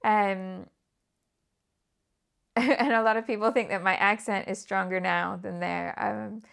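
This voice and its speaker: A woman with a British accent hosting a live scrapbooking stream. She chats casually and drops into soft, half-whispered asides to herself as she works. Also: mid-range voice, fairly even intonation, unhurried, creaky, clear, resonant tone. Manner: chatty, muttering half-whispered asides to herself while working. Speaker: scrapbooking livestream host. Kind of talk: casual live crafting chat.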